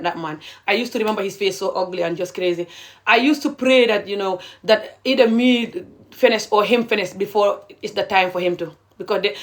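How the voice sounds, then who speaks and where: A middle-aged woman, ranting passionately and indignantly to viewers on a live stream, repeating her points. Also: mid-range voice.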